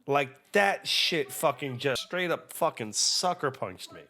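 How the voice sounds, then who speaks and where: A young man hosting an anime reaction video, chatting in an excitable, profane, animated way. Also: medium pitch, measured pace. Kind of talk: casual reaction commentary.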